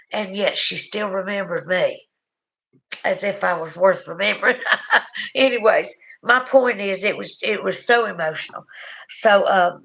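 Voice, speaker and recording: A woman's voice: mid-range voice, gravelly, fairly bright tone, rough recording. A middle-aged woman with a Southern US accent, tearful, rambling through an emotional livestream chat and often trailing off. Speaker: livestream host.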